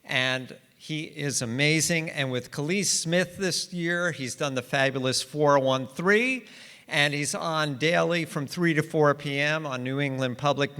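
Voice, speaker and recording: A man's voice: fairly high pitch, a little slow, pushed and bright, smooth. A man from the organizing nonprofit thanking sponsors and introducing the host, with a joking, playful manner. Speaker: nonprofit staff presenter. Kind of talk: thanks and introduction at a live event. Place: stage in a hall. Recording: long hall reverb.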